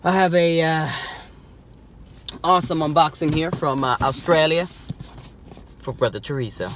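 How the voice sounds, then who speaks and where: A man, chatting casually as a collector vlogger, mumbling then bursting into loud exclamations. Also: fairly high pitch, moderate pace. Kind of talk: casual chat. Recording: noisy background.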